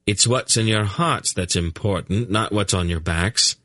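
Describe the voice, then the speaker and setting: A man voicing a brisk, impatient young king who gives orders and dry, sarcastic remarks. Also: lowish voice, a bit bright, no echo. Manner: brisk, dryly sarcastic, commanding.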